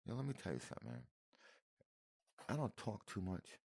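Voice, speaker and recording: A man's voice: lowish voice, big pitch swings, moderate pace, vocal fry, darkish tone, husky, no echo, clean studio sound. A man giving casual, emotional reaction commentary on video footage, repeating himself and calling the listener "man" and "brother". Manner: emotional, repetitive, addresses viewer as man and brother.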